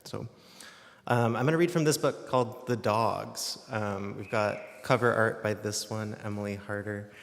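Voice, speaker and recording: A man, a poet, chatting excitedly to a live audience and then reading his poems aloud. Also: fairly low pitch, normal speed, vocal fry. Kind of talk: live poetry reading with casual remarks. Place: event venue with an audience. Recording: hall reverb in a reading venue.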